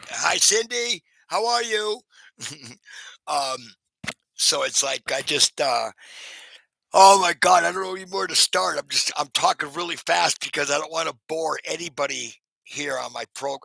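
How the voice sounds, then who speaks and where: A man chatting on a live stream in a heavily gravelly, sharply bright voice with a husky edge. He rambles through fillers and restarts, greets viewers by name and often laughs at himself. The sound is very dry. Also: mid-range voice, no room sound, poor audio. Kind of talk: casual live-stream chat.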